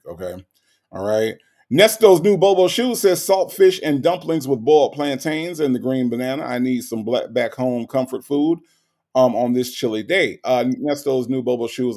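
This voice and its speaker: Gravelly, chatty male livestream host. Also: a little mellow. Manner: chatty, teasing, repeats phrases, big pitch swings. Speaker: livestream host reading chat. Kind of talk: casual live chat.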